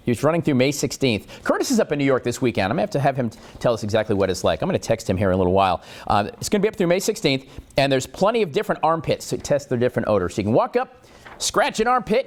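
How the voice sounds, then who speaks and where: A man's voice: medium pitch, sing-song, racing. A middle-aged man hosting a morning show, riffing casually and jokily, rambling and slipping into silly voices. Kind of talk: casual comedic monologue.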